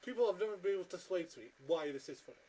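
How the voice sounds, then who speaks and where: Brief: man in a casual ranting review, fairly high voice, blunt and fed up. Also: lively intonation, very fast, dark tone, rough recording. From Britain. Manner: blunt, exasperated, lots of restarts. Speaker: film reviewer.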